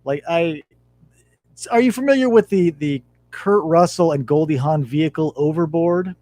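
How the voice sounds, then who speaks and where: In a dry recording, a man in his thirties with a slightly high voice hosts a podcast at a normal speed. He chats casually and tells animated stories laced with plenty of profanity.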